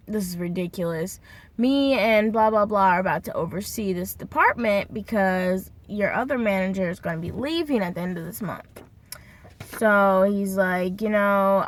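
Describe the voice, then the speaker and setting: Young woman in her twenties, vlog rant; swears freely, acts out the people in her story. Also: medium pitch. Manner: heated, profane, acts out the people she quotes. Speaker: vlogger.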